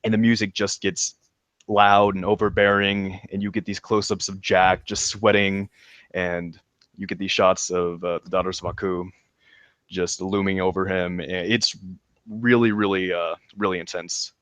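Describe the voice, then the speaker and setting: A man's voice: low voice, level tone, moderate pace, fairly bright tone, no echo. A man chatting casually on a podcast, enthusiastically recapping a show, laughing and restarting his sentences with lots of ums. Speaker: podcast co-host reviewing a show. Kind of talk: casual review chat.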